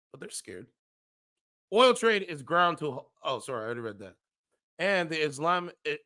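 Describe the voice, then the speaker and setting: Guy hosting his show reading news out loud, bright voice, trips over words, fixes himself, drops slang. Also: mid-range voice. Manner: stumbles over words, corrects himself mid-read; slangy asides. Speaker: show host reading an article aloud. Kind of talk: casual commentary with read-aloud article.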